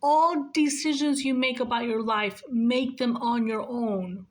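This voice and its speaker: A woman in her forties talks in an earnest, emotional monologue, pressing her advice home by saying it again and again. Her voice sits a little high for a woman. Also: fairly even intonation, measured pace. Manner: earnest, repeats points for emphasis. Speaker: nurse sharing life advice. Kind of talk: heartfelt monologue.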